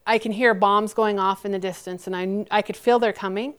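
A woman in her forties answering audience questions about her near-death experience, earnest and halting, with frequent restarts. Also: mid-range voice, steady tone, clean tone.

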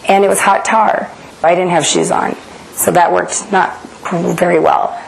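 A woman's voice: lowish voice, steady tone, measured pace, creaky, a little hiss or hum, rough recording. A middle-aged woman from the United States, giving a personal testimony in an earnest, dramatic storytelling manner. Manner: earnest, dramatic retelling that acts out inner voices.

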